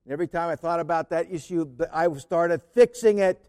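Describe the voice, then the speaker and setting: A man preaching a sermon in an earnest way, repeating key phrases and often dropping to a soft, quiet voice. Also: fairly high pitch, fairly quick, clean tone, long reverb tail.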